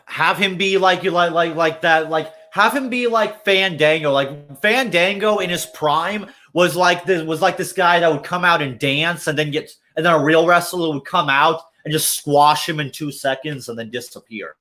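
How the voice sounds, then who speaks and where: A man's voice: a little high, normal speed, few pauses, bright, forceful tone. A man hosting a livestream, ranting casually with lots of swearing and filler words. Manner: profane, rambling rant with many fillers. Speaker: livestream host. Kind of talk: casual chat.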